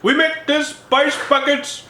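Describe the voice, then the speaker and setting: A man's voice: very high-pitched, flat delivery, slow pace, sharp tone, reverberant, slight background noise, voice pushed up, exaggerated voice. A man putting on an Indian-accented vendor. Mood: persuasive. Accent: put-on Indian accent. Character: chatty male spice-stand vendor.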